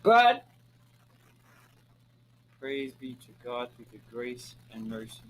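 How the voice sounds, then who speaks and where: A man's voice: mid-range voice, big pitch swings, slow, fairly bright tone, a little hiss or hum, rough recording. A man from Maryland hosting his own show, talking casually to his viewers in a sassy, flamboyant way, calling them honey and girl and swearing freely. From Maryland, USA. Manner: preachy and emphatic, repeating lines for effect. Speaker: host. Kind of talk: casual talking-head monologue.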